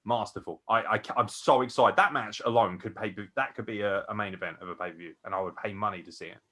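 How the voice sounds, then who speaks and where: A tired man co-hosting a wrestling podcast, gushing excitedly and swearing a lot as he rambles. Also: on the low side, fast talker. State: tired from no sleep. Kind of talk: excited casual chat.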